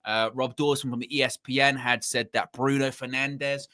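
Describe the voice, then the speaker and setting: A man's voice: medium pitch, level tone, normal speed, sharp tone. A man hosting a live football fan show, chatting casually with sarcastic asides. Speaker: host.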